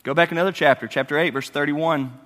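Bright-voiced preacher in a hall. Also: male voice, on the high side, quick pace. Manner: animated preaching, swings from loud to quiet. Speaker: pastor. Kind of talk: sermon. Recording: long hall reverb.

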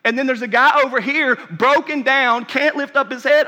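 High, bright-voiced preaching man. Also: moderate pace, hardly any pauses. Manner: impassioned preaching, rising to near-shouts and dropping to whispers. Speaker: pastor. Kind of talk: sermon. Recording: reverberant hall.

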